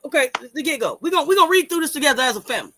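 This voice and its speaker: A man co-hosting a live-stream sports talk show, hyped and repetitive, shouting out the chat and stumbling through restarts. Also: very high-pitched, expressive, very fast, a crowd in the background.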